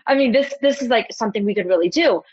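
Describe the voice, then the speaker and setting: Young woman guest, animated storyteller, casual chat, dull low-fi recording. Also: fast, breathy edge. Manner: animated storyteller, quotes herself. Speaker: podcast guest, photographer.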